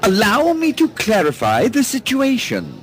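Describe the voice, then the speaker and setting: A man voicing a calm, authoritative male detective in a pulp radio drama, speaking formally and precisely. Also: high voice, unhurried, exaggerated voice. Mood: commanding. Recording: noisy recording with clicks.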